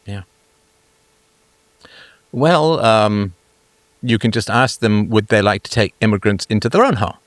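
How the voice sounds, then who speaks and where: A man's voice: lowish voice, lively intonation, unhurried, long pauses, dry recording. A middle-aged man hosting a live talk show, musing aloud in a jokey way, full of fillers and restarts. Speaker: host.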